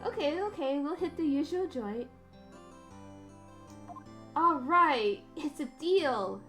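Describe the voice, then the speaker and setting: A woman as a calm, caring lawyer sister. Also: sits high, exaggerated voice. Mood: gentle. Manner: gentle, measured. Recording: game music behind.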